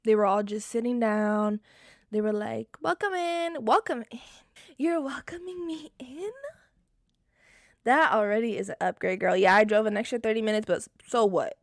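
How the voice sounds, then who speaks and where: A young woman vlogger telling a storytime in casual, expressive chat, often swearing. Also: fairly high pitch, dry recording, studio quality. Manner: animated, expressive and profane.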